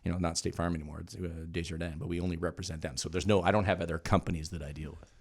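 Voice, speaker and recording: Casting: low-pitched Canadian man, middle-aged, relaxed guest, plenty of "yeah"s. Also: rapid-fire. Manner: easygoing, many fillers and repeated yeahs. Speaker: insurance agent guest. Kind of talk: casual interview chat.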